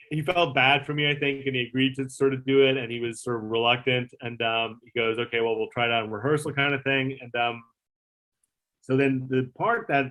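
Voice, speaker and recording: A man who used to produce a talk show, telling a long backstage story in a casual, rambling way, with lots of fillers and some swearing. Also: mid-range voice. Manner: rambling, filler-heavy, animated retelling with swearing.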